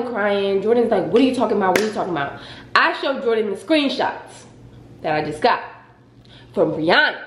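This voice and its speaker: A young woman casually telling a dramatic story on her vlog, in a lively, expressive way. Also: fairly high pitch. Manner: dramatic, animated retelling. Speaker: vlogger. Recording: echoey room.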